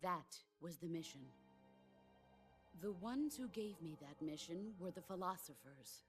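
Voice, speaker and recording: A legendary woman soldier from a video game, speaking with calm, measured gravity. Her voice sits somewhat low and steady, never rushing. Faint game music hums beneath her words. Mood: solemn. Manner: calm, measured, solemn delivery. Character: legendary female soldier, middle-aged, stoic and grave. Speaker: game character. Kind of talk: video game cutscene dialogue.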